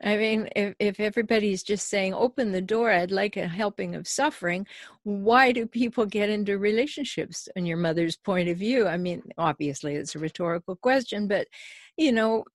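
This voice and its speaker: A woman's voice: medium pitch, moderate pace, dry recording, studio quality. A woman hosting a talk show, musing aloud and posing rhetorical questions to her guest. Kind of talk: conversational interview talk.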